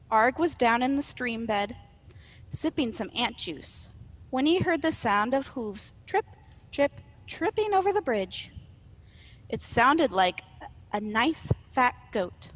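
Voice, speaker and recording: A woman reading a children's story aloud in an expressive, playful way. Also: fairly high pitch.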